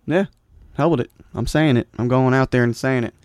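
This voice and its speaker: A man's voice: mid-range voice, a little fast, a little mellow, clean tone, no echo, studio quality. Joking man co-hosting a sports podcast. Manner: loose, joking, lots of fillers. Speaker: podcast co-host. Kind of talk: casual sports podcast chat.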